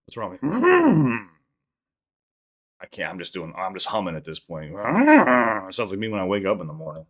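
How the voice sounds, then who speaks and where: A man's voice: low-pitched, big pitch swings, normal speed, a bit bright. A young adult man from the Chicago area, hosting a casual live-stream podcast and reading out chat questions in a loose, profane, rambling way.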